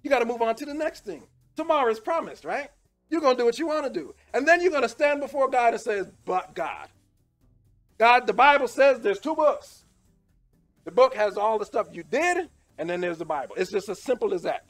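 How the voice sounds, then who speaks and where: A man preaching a sermon with fervent, repetitive calls to repent, swinging from shouting to hushed pleading. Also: very high-pitched, expressive, fairly quick, soft background music.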